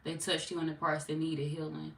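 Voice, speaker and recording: Woman tarot reader, low voice, chatty and slangy, laughs a lot. Roomy, off-mic sound. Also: completely flat delivery, brisk, gravelly, slight background noise. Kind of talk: casual tarot reading to viewers. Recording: roomy echo, distant mic.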